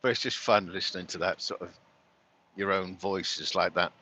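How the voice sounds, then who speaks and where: A man's voice: low-pitched, normal speed, bright, forceful tone. A man from London with a London accent, chatting casually and rambling while he drives, laughing often. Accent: London English. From London, England. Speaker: vlogger. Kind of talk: casual chat while driving.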